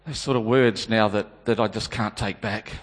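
A man's voice: fairly low pitch, fairly even intonation, moderate pace, lightly acted. A man performing a dramatic monologue as a remorseful male disciple, stammering and repeating his words. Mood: flustered. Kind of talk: dramatic first-person monologue. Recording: long hall reverb.

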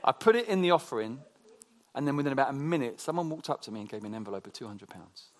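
A man preaching a conversational sermon, telling personal stories in a chatty, animated way with frequent restarts. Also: mid-range voice, rapid-fire.

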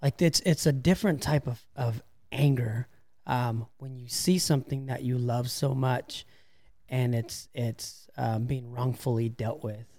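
A man co-hosting a podcast, talking reflectively and hesitantly with many pauses. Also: medium pitch, fairly even intonation, darkish tone, no echo, clean studio sound. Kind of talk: casual discussion.

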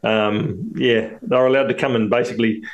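A man's voice: mid-range voice, fairly even intonation, brisk, muffled recording. A man co-hosting a podcast in loose, casual chat, laughing often and swearing freely. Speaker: podcast co-host.

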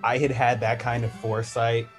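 A man's voice: mid-range voice, level tone, moderate pace, over music. A man in casual chat, reacting to a friend's story with wry, teasing remarks.

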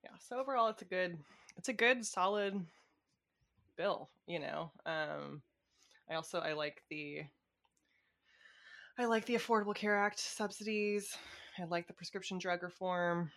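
A woman's voice: lowish voice, a little slow, long pauses, fairly bright tone. A woman talking politics in a casual chat, swearing freely and laughing often.

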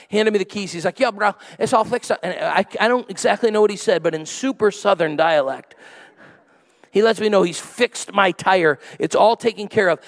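High-voiced preacher telling stories. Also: male voice. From went to college in New England. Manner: storytelling preacher, punchy and conversational with asides to the crowd. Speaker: pastor. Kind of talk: sermon.

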